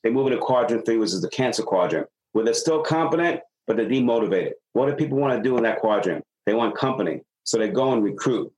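Man, middle-aged, sales consultant, podcast guest, animated storyteller, acts out dialogue. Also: mid-range voice, quick pace, few pauses, low-quality recording. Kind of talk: podcast interview.

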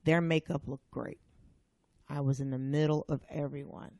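A woman guest on a podcast, telling stories in a casual, animated way and acting out other people's voices. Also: low-pitched, moderate pace, no echo. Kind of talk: casual storytelling chat.

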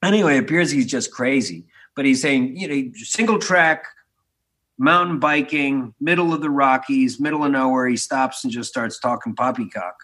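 As a guest on a podcast, a spirits entrepreneur in his forties from Philadelphia tells casual, animated stories during an interview, with many restarts and the odd swear word. He speaks at a moderate pace in a mid-range voice with a fairly bright tone.

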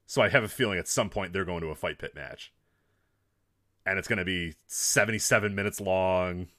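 A man's voice: deep voice, fairly quick, sharp tone. A man co-hosting a podcast, chatting casually about wrestling, swearing freely and laughing often. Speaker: podcast co-host.

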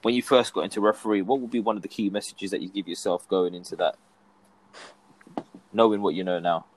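Low-voiced man asking questions. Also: fairly even intonation, brisk, low-quality recording. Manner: asks long, rambling questions with fillers. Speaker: podcast co-host. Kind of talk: podcast interview.

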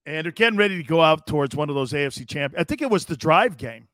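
Loud rambling middle-aged guy hosting sports radio, kinda high voice, dry close mic. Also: expressive, fast talker, no echo. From Connecticut. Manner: loud, rambling, laughs often, does voices for stories. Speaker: radio show host. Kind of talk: animated sports talk.

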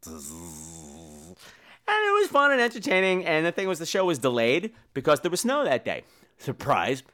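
A man's voice: high voice, huge pitch swings, fairly quick, sharp tone. A man hosting a comedy podcast, ranting in a campy, profane way and acting out the people he quotes. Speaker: podcast host. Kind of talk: comedic rant.

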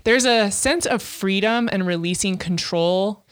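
A woman's voice: mid-range voice, measured pace. A woman in her thirties co-hosting a podcast, speaking openly and emotionally, with frequent laughs and fillers. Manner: open, emotional, laughs often, many fillers. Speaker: podcast co-host. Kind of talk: candid casual chat.

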